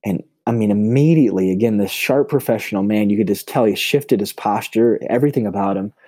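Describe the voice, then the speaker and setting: A man with a warm, mellow voice tells stories in a podcast chat. He is a pastor with an outgoing manner who often stumbles and restarts his phrases. The recording is close and dry. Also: brisk, dry recording. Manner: self-described high extrovert. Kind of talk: personal storytelling in casual conversation.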